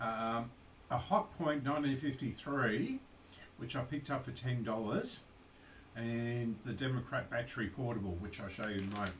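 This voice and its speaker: A man's voice: medium pitch, moderate pace, fairly bright tone, a little hiss or hum. A man casually showing off his vintage radios, rambling with fillers and asides. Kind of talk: casual show-and-tell vlog.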